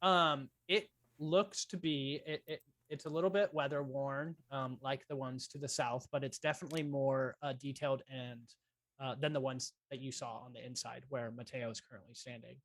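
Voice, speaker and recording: A man's voice: medium pitch, fairly even intonation, moderate pace, fairly bright tone, no room sound. A man narrating as game master of a tabletop game, describing scenes with many ums and uhs. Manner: hesitant, full of ums and uhs.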